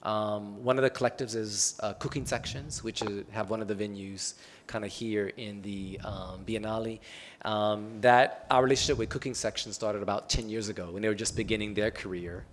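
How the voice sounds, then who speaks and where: Low-voiced man speaking on a panel. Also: moderate pace, slight background noise. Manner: relaxed and loose, with frequent "um" and "kinda" fillers. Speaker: panel speaker from an arts foundation. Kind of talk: conversational panel talk. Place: public talk at an arts event.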